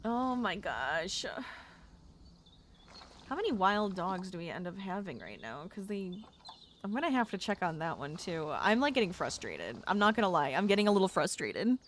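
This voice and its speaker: Chatty woman streamer with a lively voice. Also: lowish voice, normal speed, a little hiss or hum. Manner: chatty, talks to chat, gets exasperated. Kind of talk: casual gameplay livestream chat.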